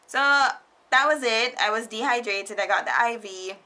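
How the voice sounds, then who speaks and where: A young woman casually telling a storytime vlog, animated and laughing often, quoting people in put-on voices. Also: mid-range voice, moderate pace. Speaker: vlogger. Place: foreigner living in Japan.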